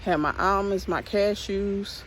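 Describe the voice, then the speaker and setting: This is a casual walking vlog from a man hiking a park trail, speaking a little slowly in a high-sitting voice. Relaxed and rambling, he keeps repeating himself, leans on "like," and runs slightly short of breath on inclines. There's a faint hiss or hum, and the recording quality is low.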